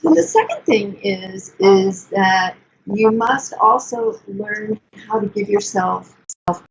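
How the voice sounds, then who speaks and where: Older woman therapist with gravelly voice. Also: mid-range voice, takes it slowly. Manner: earnest, coaching, self-soothing asides. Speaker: therapist guest. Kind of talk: explanatory podcast talk. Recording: dull lo-fi sound with faint noise.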